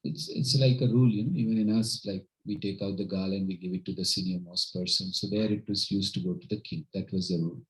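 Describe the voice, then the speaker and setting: Male storyteller at a home program, fairly low voice, lively, slips into character voices. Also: fast, hardly any pauses, low-quality recording. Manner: animated, acts out characters' voices. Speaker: spiritual teacher. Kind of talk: devotional storytelling talk. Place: home gathering.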